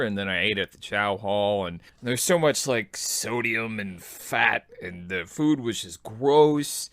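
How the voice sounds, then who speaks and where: A man in his thirties, an army veteran, telling his own story as a podcast host in a relaxed, self-deprecating way. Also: on the low side, moderate pace, no echo, studio quality. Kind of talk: personal memoir storytelling.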